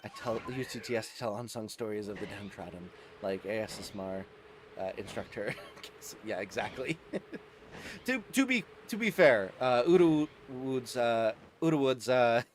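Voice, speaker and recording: A man's voice: fairly low pitch, very animated, moderate pace, background noise. A man hosting a casual livestream, chatting with viewers, laughing often and stumbling over his words. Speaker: streamer.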